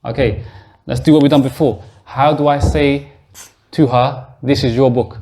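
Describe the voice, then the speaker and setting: A man's voice: medium pitch, steady tone, normal speed, dark tone. A man teaching a classroom grammar lesson in a mosque, explaining patiently step by step and quizzing his students. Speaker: Arabic teacher.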